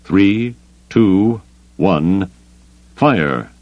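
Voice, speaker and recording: Icy commanding grand admiral, read by a man, very deep voice, measured delivery, dry muffled sound. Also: lively intonation, no echo, full character voice. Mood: coolly commanding. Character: cold calculating male grand admiral, commanding.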